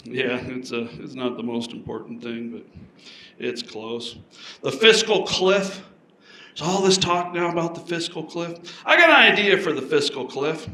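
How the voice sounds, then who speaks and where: A man performs stand-up comedy with a high, bright voice and punchy storytelling. He switches voices quickly for the characters in his stories. The sound bounces around an echoey live room. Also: lively intonation, a little hiss or hum.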